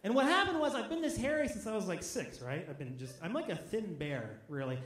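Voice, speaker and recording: A man doing stand-up into a handheld mic, his voice sitting a little high as he jabs at his own expense with sudden loud bursts. The club room echoes around him, and audience noise is clearly heard. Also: big pitch swings, fairly quick. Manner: punchy, self-mocking delivery with loud bursts. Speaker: stand-up comedian. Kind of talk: stand-up set. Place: comedy club stage with live audience.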